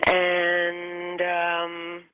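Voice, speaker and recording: A hypnotherapist telling a long story on a radio call-in, halting and restarting phrases often, heard over a telephone line. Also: medium pitch, monotone, clean tone, dry recording. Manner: halting, with many restarts and repeated words. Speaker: hypnotherapist guest.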